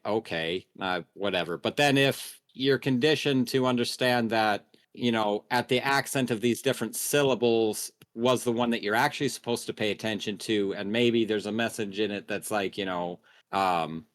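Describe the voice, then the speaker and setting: A man's voice: medium pitch, no echo, studio quality. Rambling Upper Midwest man, hesitant. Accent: Upper Midwest American. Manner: rambling, heavy on filler "like", hesitant. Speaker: podcast co-host. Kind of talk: improvised storytelling brainstorm.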